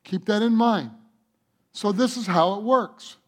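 A man's voice: high voice, unhurried. A male pastor preaching a sermon, emphatic, with rhetorical questions to the congregation.

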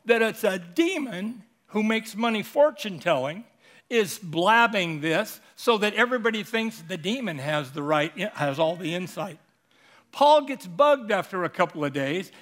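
A man with a high voice preaches a sermon with animated energy. He keeps asking the congregation rhetorical questions and swings between loud emphasis and quieter storytelling.

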